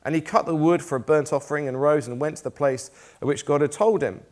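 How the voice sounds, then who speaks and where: A man's voice: on the high side, fast, darkish tone. A man preaching a sermon in a church, reading scripture aloud in a conversational, lightly self-deprecating way.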